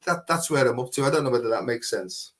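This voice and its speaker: A man's voice: medium pitch, animated, fast, fairly bright tone. A man speaking as a guest, talking frankly and at length in a rambling, conversational way, full of "you know". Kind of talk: candid conversational testimony.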